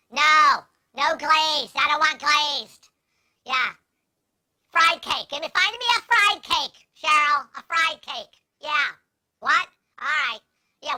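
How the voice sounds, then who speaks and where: A man's voice: very high voice, pushed and bright, voice pushed up, exaggerated voice. A man voicing a bored, lazy female office clerk who whines and chats across the office. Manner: whiny, distracted, chatting across the office.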